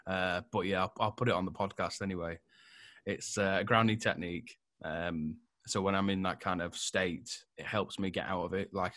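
Casual male podcast host, low voice with a bright edge, rambling and jokey. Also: no echo. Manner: laughs a lot, swears freely, rambling. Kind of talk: casual chat.

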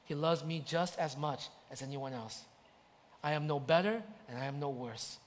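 A man's voice: on the high side, moderate pace, slight background noise. A man preaching a sermon as pastor, impassioned and repetitive. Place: church. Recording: church hall reverb.

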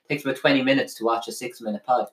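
A man's voice: mid-range voice, steady tone, racing, fairly bright tone. A man co-hosting a casual podcast, rambling with plenty of hesitations and swearing. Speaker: podcast co-host. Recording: roomy echo.

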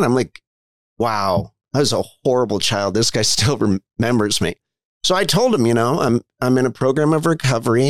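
A man's voice: mid-range voice, no room sound. A middle-aged man, a physician in recovery, telling candid stories in an interview with a frank, conversational manner. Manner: frank, conversational storyteller acting out quoted dialogue. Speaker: podcast guest, physician in recovery.

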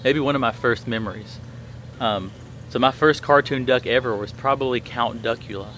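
A man's voice: mid-range voice, moderate pace, fairly bright tone, a little hiss or hum. A man in his thirties hosting a podcast, telling a story in a rambling way with many fillers and restarts. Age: 30s. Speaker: podcast host. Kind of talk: casual chat.

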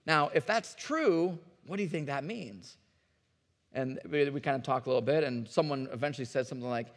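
A man's voice: mid-range voice, brisk, in a large hall. A man preaching a sermon as a pastor, talking to the congregation in an earnest, conversational way and often repeating his words.

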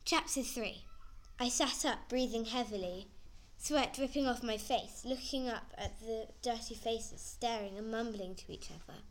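Female narrator, slightly high voice, earnest first-person story reading. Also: a little slow.

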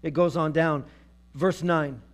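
A man preaching a sermon, dramatic, moving from loud emphasis to hushed asides. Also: fairly high pitch, fairly even intonation, slow. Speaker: pastor.

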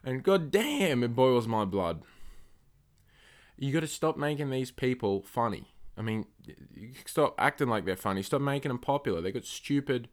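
A man's voice: expressive, moderate pace. Rambling, swearing male podcast ranter. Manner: rambling, profane, ranting; flares up loud and high when angry. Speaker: podcast host. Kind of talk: solo podcast rant.

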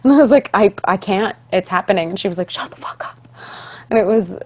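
Chatty actress telling a story. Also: female voice, mid-range voice, quick pace. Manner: animated, acts out quoted voices. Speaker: podcast guest, stage actress. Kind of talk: casual interview storytelling.

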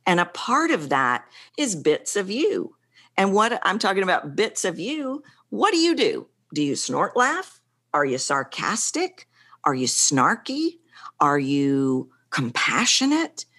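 A woman with a low voice and a lively, swooping pitch explains her coaching ideas in conversation. She speaks with energy and acts out quoted lines to show what she means. Her delivery sounds animated and expressive. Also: slow, slightly rough. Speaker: vocal coach guest. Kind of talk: conversational interview.

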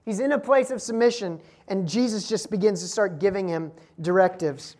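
A woman delivers a sermon with a medium-pitched voice. She drives her points home with rhetorical questions and strong emphasis. She breaks in with laughing asides to the congregation. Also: moderate pace, warm tone. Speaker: preacher.

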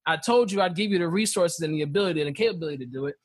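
A man in a casual Bible discussion, reading scripture slowly and acting out the dialogue with animation. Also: a little high, slightly rough. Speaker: podcast co-host teaching scripture.

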